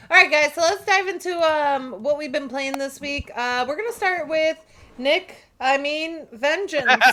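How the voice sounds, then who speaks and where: A high-voiced woman hosts a loose gaming podcast, teasing her guests and laughing between questions. She speaks into a home microphone over a video call. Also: fairly bright tone. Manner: laughing, teasing, quick to curse. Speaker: podcast host. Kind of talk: casual group chat on a gaming podcast.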